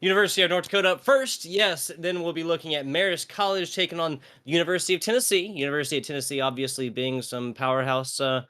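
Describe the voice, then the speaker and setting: A man's voice: on the high side, fairly even intonation, fast talker, few pauses, sharp tone, clean tone. An American man casting a live esports match, joking and rambling with lots of fillers. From United States. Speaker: esports caster. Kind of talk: live esports play-by-play and banter.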